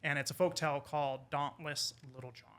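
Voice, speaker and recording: A man, an English professor, telling a folk tale in casual conversation over wine, animated and quoting the characters. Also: a little high, a little fast. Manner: animated retelling with quoted character lines. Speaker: podcast guest, English professor.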